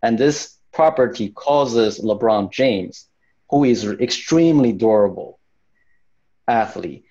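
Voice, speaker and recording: Male fitness coach guest, warm mellow tone, earnest and explanatory, slightly dull video-call audio. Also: on the low side, animated, slow. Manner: earnest, repeats words while finding phrasing. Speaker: fascia training coach, guest. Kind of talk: explanatory interview answer.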